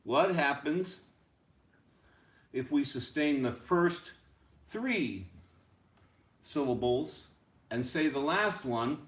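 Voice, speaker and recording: A man teaching a rhythm lesson as a music teacher, chanting rhythm syllables over and over in a steady beat. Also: on the high side, extremely slow, pauses often. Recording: echoey room.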